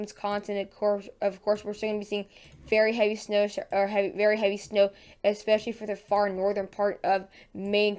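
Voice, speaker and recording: A woman's voice: mid-range voice, darkish tone, clean tone. A woman hosting a casual weather forecast vlog in her just-woken morning voice, chatty and full of fillers and self-corrections. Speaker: weather channel host.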